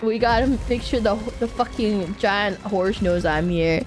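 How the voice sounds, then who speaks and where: A woman streamer talking casually over gameplay, often laughing and yelling at the game. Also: mid-range voice, unhurried, faint music behind.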